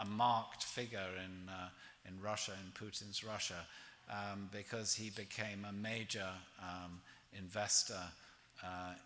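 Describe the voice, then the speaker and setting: A male professor introduces the evening's lecturer, stumbling through ums and restarts. His voice is low yet very bright and crisp. The recording has lecture-hall reverb and faint background noise. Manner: halting, with many ums and restarts. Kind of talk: formal introduction.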